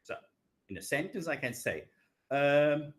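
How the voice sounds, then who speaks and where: A man with a slightly raised pitch gives a recorded grammar lecture, talking very slowly. He stretches key words out and keeps checking in with "okay" and "yeah". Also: lively intonation. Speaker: English teacher.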